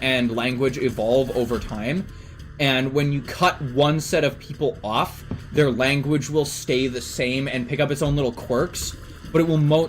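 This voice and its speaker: A man's voice: mid-range voice, fairly bright tone, a little hiss or hum. A man from Canada streaming and chatting casually with his viewers, blunt and emphatic with plenty of swearing.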